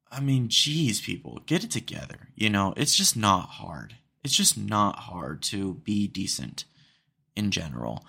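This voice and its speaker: A man's voice: fairly low pitch, expressive, normal speed, vocal fry, pushed and bright. A man hosting a solo podcast, ranting in an exasperated, rambling way with frequent fillers. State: hiccups. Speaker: podcast host.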